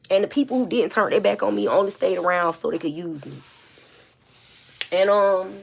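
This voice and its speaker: A woman with a gravelly, fry-edged voice pours out a confessional monologue, blunt and profane. Her tone sits fairly low, and she circles back on her words with fillers and repeats as she fights back tears. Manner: emotional, holding back tears. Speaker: vlogger.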